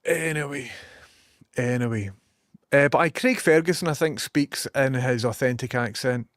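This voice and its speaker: A young man with a broad West of Scotland accent rants animatedly to his viewers, peppering his talk with swearing. His voice sits at an ordinary middle pitch, recorded close and dry with no room sound at all. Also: normal speed, fairly bright tone, no echo. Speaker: streamer chatting with viewers. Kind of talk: casual chat.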